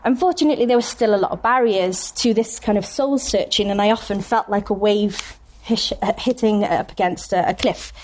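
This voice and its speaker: A woman from Wales, giving a conference talk as a poet, telling stories with wry humorous asides and slowing down to read poems deliberately. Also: medium pitch, darkish tone. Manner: slows down and reads poems deliberately. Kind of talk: conference talk with poetry reading. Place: university conference room.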